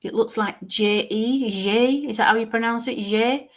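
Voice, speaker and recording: A woman giving a live mediumship reading, speaking in a halting way, repeating words as she describes what she sees, and sometimes dropping to a murmur. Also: a little high, fairly even intonation.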